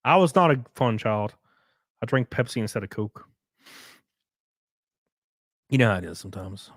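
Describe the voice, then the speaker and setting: A man's voice: mid-range voice, very animated, moderate pace, long pauses, fairly bright tone, no echo, studio quality. A young man from rural Alabama with a Southern accent, rambling through a casual livestream, reading chat, swearing and laughing often. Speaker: livestreamer and race car driver.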